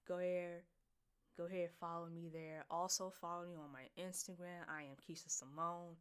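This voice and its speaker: A young woman hosting her own podcast alone, excited and giggly, rambling and repeating herself in casual chat. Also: fairly low pitch, normal speed, clean tone. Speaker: podcast host.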